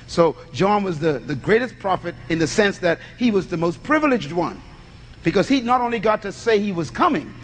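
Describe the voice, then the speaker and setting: A man's voice: sits high, a bit bright, long reverb tail. A man preaching a teaching sermon, reading scripture aloud, then posing questions and answering them himself. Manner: reads scripture aloud and explains it.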